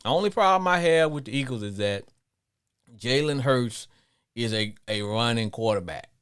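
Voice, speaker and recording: A man's voice: medium pitch, lively intonation, moderate pace, a bit bright, clean tone. A man hosting a sports talk show, chatting casually and repeating words while he thinks. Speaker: radio show host.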